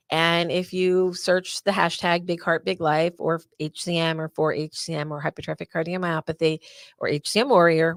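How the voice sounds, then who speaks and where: A woman hosts a live awareness presentation in a low, gravelly voice. She talks chattily and gets openly emotional. The sound is close and dry. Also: dry recording. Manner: warm, emotional, chatty, uses y'all. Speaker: host of an awareness event.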